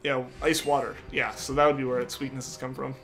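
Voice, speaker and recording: A man's voice: mid-range voice, flat delivery, brisk, a bit bright, soft background music. A young man streaming a game, reading his chat aloud and answering viewers in a casual way.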